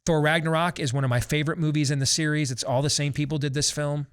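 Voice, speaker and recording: A man's voice: on the high side, fairly even intonation, quick pace, clear, resonant tone. A man in his forties hosting a talk show, ranting sarcastically and theatrically in opinionated commentary. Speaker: host.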